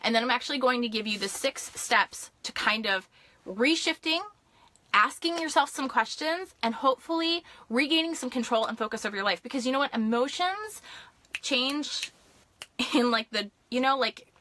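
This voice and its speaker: A young woman coach on a live stream, excited and fast-talking, with lots of fillers and quick asides to her viewers. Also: high voice. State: hyped up. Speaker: life and business coach.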